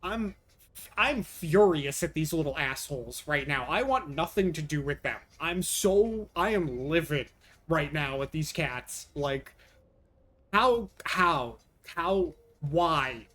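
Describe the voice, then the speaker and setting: A man's voice: fairly high pitch, unhurried, a bit bright. A young man streaming live, chatting with viewers and venting in an exasperated, profane way. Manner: exasperated, swearing, answering chat. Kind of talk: casual live-stream chat.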